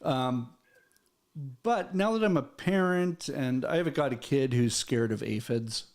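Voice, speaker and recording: A man's voice: medium pitch, unhurried. A man hosting a casual conversation, talking in a friendly, meandering way. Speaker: host.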